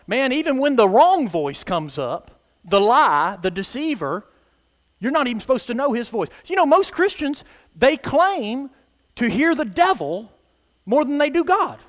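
A man preaching with a high voice that swings widely in pitch. He talks emphatically and throws call-and-response asides to his listeners, and the sound carries a long hall reverb. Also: big pitch swings, measured pace, a bit bright. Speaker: pastor. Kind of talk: sermon.

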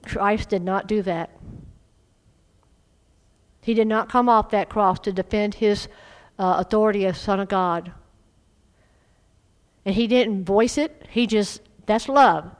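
A middle-aged woman preaching a sermon, fervent and emphatic, swelling into loud exhortation. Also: medium pitch, a little slow, long pauses, rough recording.

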